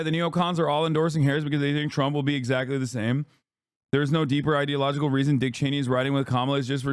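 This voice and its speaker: A man streaming live, reacting to political chat and news in heated, profane, sarcastic rants, with some quick read-alouds. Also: on the high side, no echo, clean studio sound. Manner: reads news aloud in a fast flat delivery.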